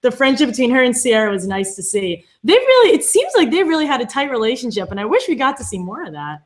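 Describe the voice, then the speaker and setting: A woman's voice: a little high, big pitch swings, fast talker. A woman co-hosting a fan show, chatting casually and reading viewer comments aloud. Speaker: podcast co-host.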